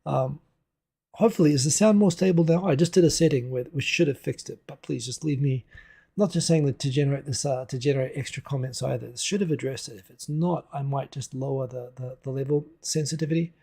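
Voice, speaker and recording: A man's voice: medium pitch, brisk, gravelly, warm tone, slightly rough. A man from New Zealand hosting a casual livestream at home on a desk microphone, chatting loosely and answering viewer comments as they come in. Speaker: livestream host. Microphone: desk USB microphone.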